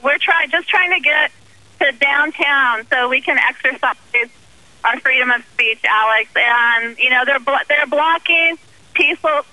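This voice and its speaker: A woman's voice: high-pitched, measured pace, pushed and bright, no room sound, poor audio. A woman activist speaking by phone in an interview, earnest and indignant, with many ums. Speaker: guest activist.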